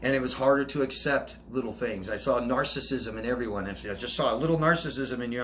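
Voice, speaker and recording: A man's voice: medium pitch, quick pace, hardly any pauses, a bit bright, a little hiss or hum. A man coaching viewers, reading out their comments and answering them in a chatty, reassuring way. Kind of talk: casual solo Q&A, reading out comments.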